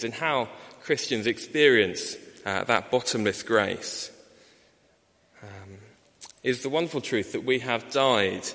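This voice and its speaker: A man's voice: fairly low pitch, fairly bright tone. Man preaching in a reverberant hall. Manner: measured, frequent "uh" fillers, rhetorical questions. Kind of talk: sermon. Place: church. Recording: long reverb of a large hall.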